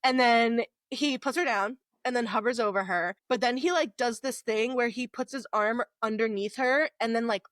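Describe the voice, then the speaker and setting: A young woman on a podcast, retelling a story with animated, playful energy and slipping into quick character voices. Her voice sits a little high for a woman and is recorded close and dry, with no room sound. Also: no room sound. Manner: animated storytelling, acts out quotes with laughs. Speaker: podcast co-host. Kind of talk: casual book-recap chat.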